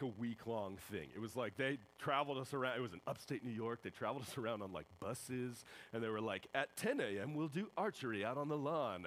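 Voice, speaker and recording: Young male youth pastor, casual sermon, very lively intonation, mid pitch, faint hum behind. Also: rough recording. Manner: casual, animated, acts out voices in quotes. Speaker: high school pastor.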